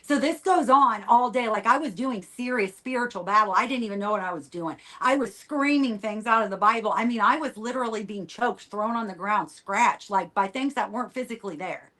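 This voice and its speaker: Higher-voiced woman telling her story. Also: fairly quick, hardly any pauses. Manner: rambling, repeats phrases, trails off quietly at line ends. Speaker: podcast guest. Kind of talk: personal testimony storytelling.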